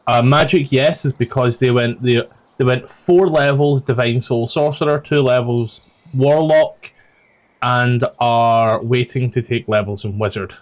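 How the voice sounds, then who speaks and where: A man's voice: mid-range voice, fairly even intonation, unhurried. A man with a Scottish accent recapping a tabletop game as dungeon master, rambling with lots of ums and casual swearing.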